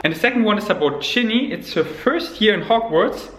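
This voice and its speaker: A man's voice: high-pitched, a little fast, hardly any pauses, slight background noise. A man chatting casually in a daily vlog, playful and jokey. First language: German. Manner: playful, jokey, animated asides. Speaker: vlogger. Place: home kitchen indoors. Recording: roomy home camera audio.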